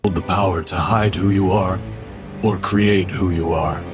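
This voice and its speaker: Grim masked hero, low and measured, trailer read over a music bed. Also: male voice, fairly even intonation. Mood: grave. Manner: low, slow, deliberately deepened delivery. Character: Batman, grim adult male masked hero. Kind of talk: animated series trailer voice-over.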